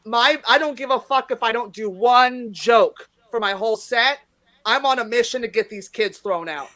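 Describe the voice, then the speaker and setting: A woman's voice: fairly high pitch, normal speed. A woman comedian in her fifties, a guest telling stories in a brash, profane way and acting out what people said. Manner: brash, profane, acts out quotes loudly. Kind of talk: casual interview storytelling.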